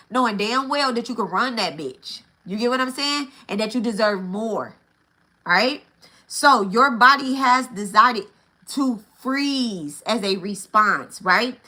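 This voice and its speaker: Bright-voiced woman teaching bluntly. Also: fairly high pitch, measured pace. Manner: blunt and profane, with frequent checks of "right?" and "okay?"; repeats key phrases for emphasis. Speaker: spiritual teacher. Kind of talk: casual spoken teaching.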